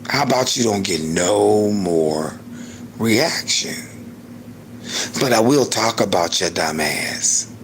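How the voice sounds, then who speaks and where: A man in his sixties hosting a livestream and ranting heatedly with a lot of profanity, swinging between loud outbursts and low muttering. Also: expressive, slow pace, slight background noise. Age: 60s. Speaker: livestream host.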